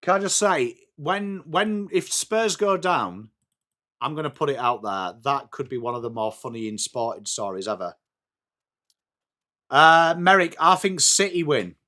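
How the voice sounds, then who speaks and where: An English man with a high, bright, sharp-edged voice hosts a live watch-along stream. He calls the play as it happens, then drops into chatty replies to his viewers. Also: lively intonation, a little slow. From England. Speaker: livestream host.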